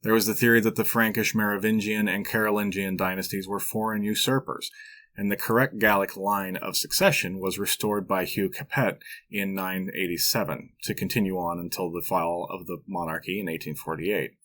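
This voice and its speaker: A man's voice: sits low, fairly even intonation, moderate pace, a bit bright. A man hosting a history podcast, narrating from a script with dry, wry asides. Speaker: podcast host.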